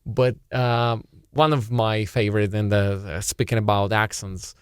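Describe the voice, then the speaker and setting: A man with a Russian accent, chatting as a comedian co-host, halting and restarting as he tells a joke story. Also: lowish voice, steady tone, smooth, no room sound, clean studio sound. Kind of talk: casual chat.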